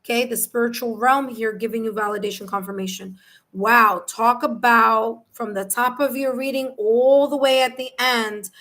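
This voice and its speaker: A woman with a New York accent giving a live tarot reading, animated and repeating phrases as she reads cards and chat messages aloud. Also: on the high side, normal speed, rough recording. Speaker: tarot reader.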